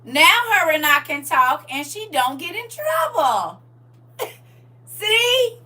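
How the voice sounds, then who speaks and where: A woman hosting a casual livestream chat, talking straight to her viewers in a playful, animated way and laughing often. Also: high-pitched, slow pace. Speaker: livestream host.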